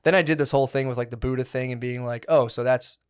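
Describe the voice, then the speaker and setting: A man's voice: mid-range voice, fairly even intonation, quick pace, clean tone. A man hosting a podcast, telling a long story in casual chat, full of swearing, fillers like "dude" and "like", and quoted voices. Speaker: podcast host.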